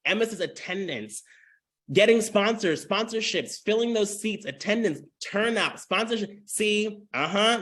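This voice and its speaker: A young man hosting a live webinar with lots of energy, hyping up the audience and talking straight to them. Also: a little high. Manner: energetic, hypes the audience with "y'all" and "come on". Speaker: webinar host.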